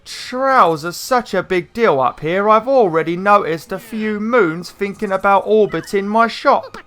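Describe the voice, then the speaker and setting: A bragging Cockney snake shopkeeper from a video game, pitched far above a normal speaking voice, as a man puts him on. He stretches every word into slow, showy sales patter. He sounds like a hustler pushing bargains on a customer. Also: fairly bright tone. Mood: boastful salesman.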